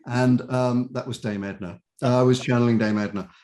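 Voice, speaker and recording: An older man, an actor guest in an interview, telling chatty, animated anecdotes and sometimes quoting other people's voices. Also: mid-range voice, fairly quick.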